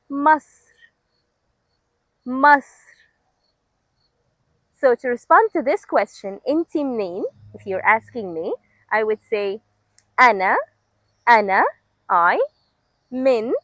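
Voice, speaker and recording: A woman's voice: fairly high pitch, lively intonation, no room sound, rough recording. Upbeat woman teaching a language lesson outdoors. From Egypt. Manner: slow, clear, encouraging drill delivery. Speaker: Arabic teacher. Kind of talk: language lesson with repetition drills.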